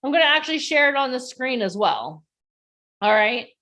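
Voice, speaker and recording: A woman coach leads a group over a video call with calm, soft guidance and motivational talk. Her voice is bright and sits fairly high. She sounds like she is speaking from somewhere in a neighborhood. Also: moderate pace. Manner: calm and soft in the breathing part. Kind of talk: guided breathing and motivational pep talk. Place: outdoors or near the street in a neighborhood.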